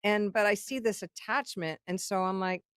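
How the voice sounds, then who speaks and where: A middle-aged woman, a songwriter and keynote guest, telling a story in casual talk. She is animated, swears freely and acts out what other people said. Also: medium pitch, moderate pace, clear, resonant tone, no echo, clean studio sound.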